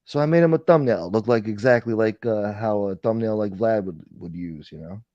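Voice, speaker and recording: A man's voice: on the low side, brisk, warm tone, no room sound, dull audio. A man hosting a casual livestream chat, ranting with profanity and thanking viewers for donations. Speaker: livestream host.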